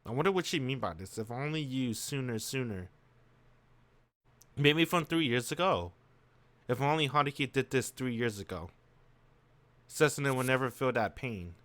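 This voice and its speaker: Guy streaming a visual novel, chatty and slangy, voice jumps around a lot, kinda bright tone. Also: mid-range voice, lively intonation, normal speed. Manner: reacting and musing aloud with slang. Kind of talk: casual let's-play commentary.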